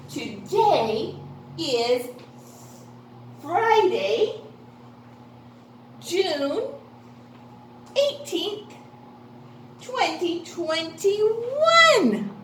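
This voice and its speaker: A woman's voice: sits high, a bit bright, reverberant, a little hiss or hum. A woman teaching a phonics lesson to young children, sing-song and encouraging, asking questions and answering them herself.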